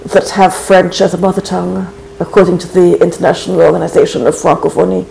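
A poet in their forties, giving measured, reflective interview answers with many pauses and hesitations. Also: medium pitch, level tone, vocal fry, a little mellow, slight background noise, poor audio. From Trinidad. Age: 40s. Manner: thoughtful and measured, frequent hesitations. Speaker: guest poet. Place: college.

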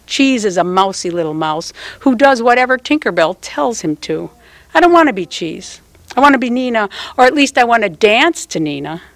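Older woman reading a poem, slow and dry. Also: mid-range voice, no echo. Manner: slow, measured, tender delivery. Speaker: poet. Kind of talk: reading her own prose poem aloud. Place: public poetry reading.

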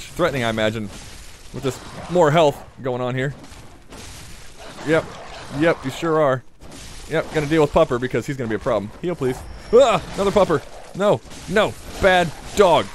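A man's voice: mid-range voice, a little hiss or hum. A man commentating his own gameplay in a playful, casual way, chatting to the enemies and swearing now and then. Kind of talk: let's play commentary.

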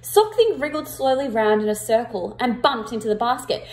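A woman reading a picture book aloud to children, with expressive emphasis, and pausing to ask her listeners questions. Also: on the high side. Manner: interactive, asks the listeners questions.

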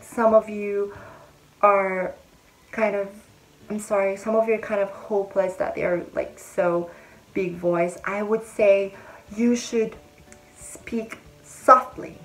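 A woman giving casual advice in a vlog, chatty and self-correcting, sometimes dropping to a soft, quiet voice. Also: medium pitch, low-quality recording. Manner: drops to a soft, quiet voice to demonstrate.

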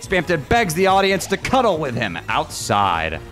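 A man casually reading AI-written game dialogue aloud and reacting, laughing often and swinging between deadpan reading and loud outbursts. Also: on the high side, normal speed, soft background music.

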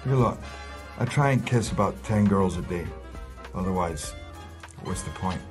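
A man's voice: sits low, lively intonation, measured pace, faint music behind. A Scottish man in his fifties chatting playfully with children, teasing and stammering as he answers. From Scotland. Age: 50s. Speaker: interviewee.

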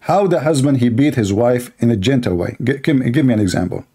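A man's voice: medium pitch, mellow, slightly rough. A man whose first language is Arabic, hosting a heated call-in debate and pressing his questions again and again. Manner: insistent, repeats questions rapidly, interrupts. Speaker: host of a call-in religious debate.

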